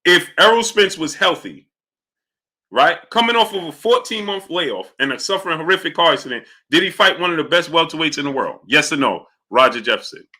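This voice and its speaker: A man's voice: expressive, a little fast. A man hosting a live boxing chat stream who reads super chats, argues with viewers and keeps demanding yes-or-no answers. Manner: argumentative, repeatedly demanding answers; greets chatters in a low, quiet aside. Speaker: boxing talk show host.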